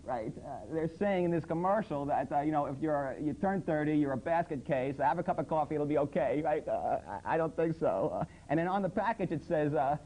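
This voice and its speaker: A man's voice: a little high, expressive, fairly quick, hardly any pauses, a little mellow, poor audio. Sarcastic man ranting about commercials. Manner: sarcastic, incredulous, quoting ads in mock voices. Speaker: comedy host. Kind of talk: satirical monologue on commercials. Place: public access TV studio under hot lights.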